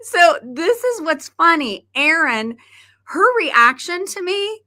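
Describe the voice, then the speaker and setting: A woman's voice: very high-pitched, very animated, slow, sharp tone. A middle-aged woman hosting a podcast, chatting casually and laughing often as she tells stories. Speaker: podcast host. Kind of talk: casual chat.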